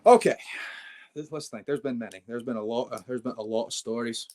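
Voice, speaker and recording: A man's voice: medium pitch, a little fast, a little mellow. A brash young man, a wrestling champion, telling swaggering stories in a casual interview and calling people mate.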